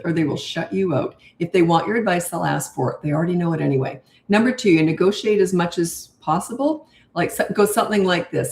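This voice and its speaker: In a reverberant space, an older woman coaching parents replies to live viewer questions with a steady, low, slow and calm manner.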